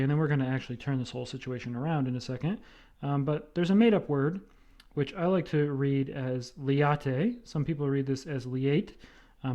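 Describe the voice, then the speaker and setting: A man's voice: a little high, mellow. A man lecturing on math, explaining step by step and checking in often with "right?". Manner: explanatory, repeats with "right?" and fillers.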